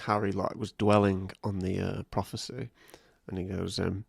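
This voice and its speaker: A man's voice: low-pitched, level tone, moderate pace, gravelly, husky. A man co-hosting a casual podcast, retelling scenes with wry, mocking humour. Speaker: podcast co-host. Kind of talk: casual chat.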